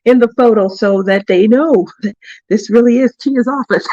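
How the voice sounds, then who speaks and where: A woman's voice: on the high side, slow, mellow, dry recording, highs cut off. A woman hosting a casual craft livestream, telling a work story in a chatty way, laughing often and stopping to greet viewers by name. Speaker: craft channel host.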